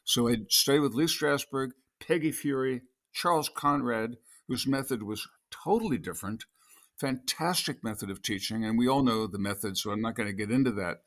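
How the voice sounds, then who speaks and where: A man's voice: mid-range voice, moderate pace. An older man, a guest actor, telling long rambling stories in an interview and acting out quoted lines. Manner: storytelling, acts out quotes.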